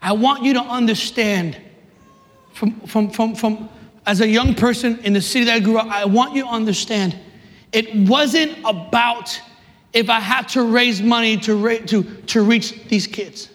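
High-voiced New preacher in a hall. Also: male voice, unhurried. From New York City, USA. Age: 30s. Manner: passionate, rising to emphatic shouts, with joking asides. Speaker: youth minister. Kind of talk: preaching to a live audience. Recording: reverberant hall.

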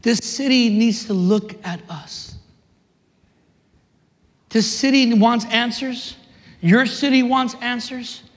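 A man preaching a sermon with passion, repeating his phrases and swinging from shouts to hushed tones. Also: very high-pitched, slow pace, pauses often. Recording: long reverb of a large hall.

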